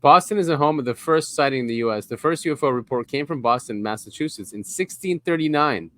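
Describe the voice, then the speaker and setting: A man's voice: medium pitch, fast, bright, forceful tone, no room sound. Chatty male podcast co-host, dry close sound. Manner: rambling, chuckles often, reads articles aloud. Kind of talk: casual chat.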